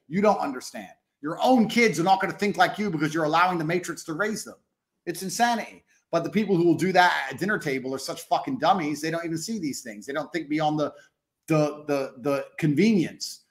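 A man's voice: on the high side, roomy sound. A man speaking as a podcast guest, blunt and emphatic, swearing and hammering his points with repetition. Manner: blunt, profane, emphatic, repeats phrases. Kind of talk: casual interview talk.

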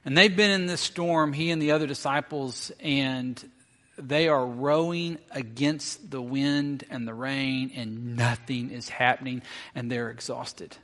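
A man's voice: medium pitch, steady tone, a little slow, a bit bright. A middle-aged man preaching a sermon as a pastor, telling a story and acting out the quoted lines. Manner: storytelling, acts out quotes with rising intensity. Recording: long reverb of a large hall.

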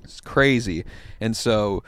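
A man's voice: lowish voice, no echo, studio quality. A man in his twenties, stoned, telling a long casual story with lots of profanity and funny impressions. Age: 20s. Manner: laid-back, profane, drawn-out storytelling with impressions. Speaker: podcast host telling a story.

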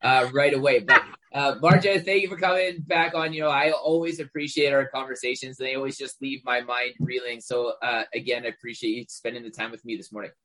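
A man from Canada hosting a casual podcast chat, telling stories in a profane, animated way. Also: medium pitch, brisk, hardly any pauses, low-quality recording. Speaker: podcast host.

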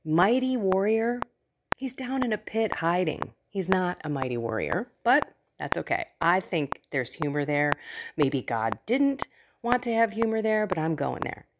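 A woman's voice: lowish voice, sing-song, moderate pace, background noise. A woman hosting a podcast, retelling a Bible story in a conversational way with playful asides. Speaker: podcast host. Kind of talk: casual Bible teaching.

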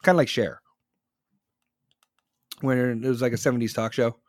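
A man's voice: mid-range voice, normal speed, no room sound, clean studio sound. A man in his forties in casual, profane, rambling chat, reading and answering comments from his audience.

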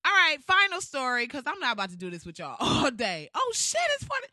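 Bright, lively, fired-up woman ranting. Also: high voice, a little fast, no room sound. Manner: blunt, profane, fired-up. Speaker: commentator. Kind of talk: casual ranting commentary.

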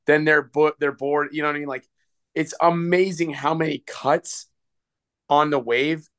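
A man's voice: fairly high pitch, fairly even intonation, moderate pace, fairly bright tone, clear, resonant tone. Rambling male guest, filler-heavy. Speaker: filmmaker guest. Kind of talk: casual conversation.

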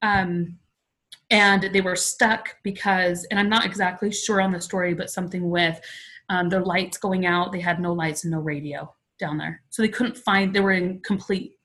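A woman's voice: fairly low pitch, steady tone, normal speed, fairly bright tone. A woman in her forties, a podcast guest, telling a personal story in an earnest, chatty way, full of "like" fillers.

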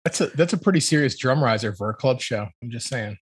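A man's voice: mid-range voice, animated, fast talker, husky, no echo. A man chatting as a guest on a podcast roundtable, making dry, offhand remarks. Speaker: panel guest. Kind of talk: casual roundtable chat.

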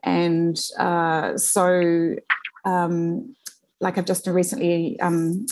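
A woman's voice: fairly low pitch, extremely slow, rough recording. Chatty New woman telling stories. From New Zealand. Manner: animated anecdotes with frequent fillers and laughter. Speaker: journalist guest. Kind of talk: conversational interview storytelling.

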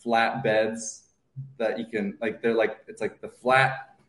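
A man's voice: fairly low pitch, flat delivery, fairly bright tone, reverberant. A man in his twenties chatting casually as a show regular, rambling with lots of fillers. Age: 20s. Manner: rambling, halting, full of fillers. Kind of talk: casual banter.

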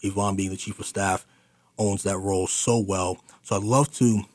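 A man's voice: deep voice, steady tone, moderate pace, darkish tone, dry recording. A man hosting a community radio talk show, speaking in a chatty, affirming way with many fillers and restarts.

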